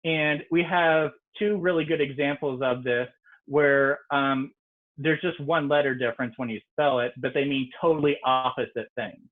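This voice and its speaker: A man's voice: mid-range voice, steady tone, normal speed. A man, a native English speaker, teaching an online French lesson in a casual, explanatory way with frequent ums. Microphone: video call. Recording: tinny video-call audio.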